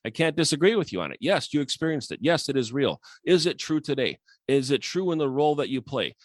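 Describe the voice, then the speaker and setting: Animated male sales coach, dry mic. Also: quick pace, dry recording. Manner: animated, acts out quoted dialogue with sharp pitch jumps. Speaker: sales coach and podcast co-host. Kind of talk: casual podcast conversation.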